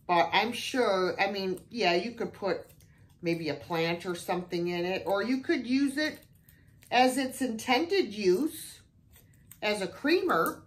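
An older woman chatting casually through a thrift haul video, exclaiming often as she shows off her finds. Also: mid-range voice.

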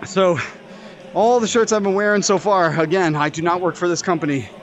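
A man ranting profanely and angrily while boxing in a VR game, out of breath from the workout, with shouted outbursts. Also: sits high, fairly even intonation, a little fast, muffled recording. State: out of breath from exercise. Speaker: VR fitness vlogger. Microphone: VR headset mic.

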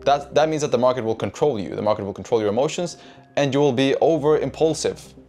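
This man's warm, mid-range voice moves at a quick pace. Teaching trading casually to his chat, he curses freely and keeps asking "right?" as faint music sits under him.

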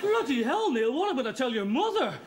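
A man's voice: very high voice, big pitch swings, quick pace, very noisy. A man in a sitcom, rambling to himself in wry, self-pitying comic monologues. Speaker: sitcom lead.

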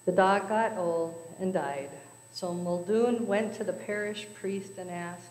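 A woman's voice: on the low side, unhurried, darkish tone. Brief: woman joke-teller in a church, storytelling style, long hall reverb. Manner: storytelling with voices for characters. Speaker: speaker at a church service. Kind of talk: telling jokes to a congregation. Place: church sanctuary.

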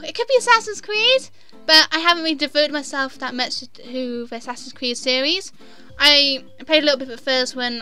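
A woman's voice: sits high, sharp tone, smooth. A young woman chatting casually in a vlog, answering viewer questions in a giggly, self-deprecating way. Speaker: gaming vlogger.

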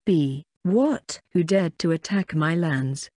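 Audiobook lord, fat, scheming and pompous, read by a flat synthetic narrator. Dry, close sound. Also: medium pitch, slow pace, dry recording. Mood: indignant.

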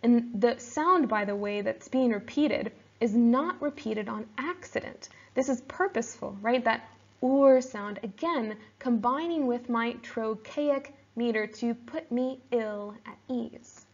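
A woman teacher explaining poetry in a steady, explanatory lesson, sometimes reading verse aloud slowly. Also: a little high, highs cut off. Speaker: English teacher.

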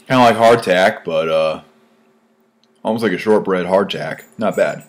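A man's voice: low-pitched, normal speed. A man hosting a casual food tasting vlog, blunt and a bit crude in how he talks. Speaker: food vlogger host.

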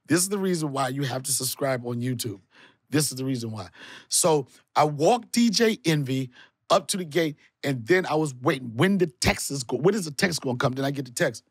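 A man hosting a podcast in a studio, talking in a casual comic way. His voice is husky, and it sounds dry and close to the mic. He swears freely and jumps his pitch way up for punchlines. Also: lively intonation, brisk, dry recording. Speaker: comedian podcast host. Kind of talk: casual comedic chat.

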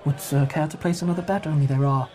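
Here is a hushed, courteous casino croupier, as a man puts him on. He speaks low, polite and a touch nervous, bowing to the customer with every word. This is a tabletop game played aloud. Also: fairly even intonation, fast, close to an everyday voice. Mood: apologetic. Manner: softly apologetic and deferential.

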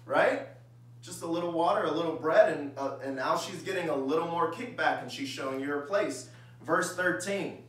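Bright-voiced preacher in an echoey hall. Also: male voice, fairly high pitch, normal speed. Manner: reads scripture, then acts out everyday voices conversationally. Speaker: pastor. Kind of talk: sermon. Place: church sanctuary. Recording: echoey church hall, mic far off.

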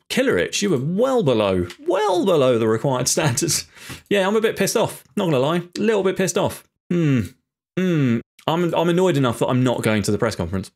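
A man talks through a football management game as he plays it. He sounds exasperated, muttering to himself and swearing now and then. His voice sits at a middling pitch for a man. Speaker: gaming YouTuber. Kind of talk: live football-sim commentary.

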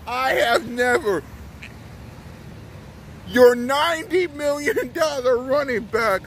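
A man's voice: extremely high pitch, animated, takes it slowly, long pauses. A man vlogging a mocking, taunting sports rant and laughing often, with faint traffic outside. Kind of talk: trash-talking sports rant.

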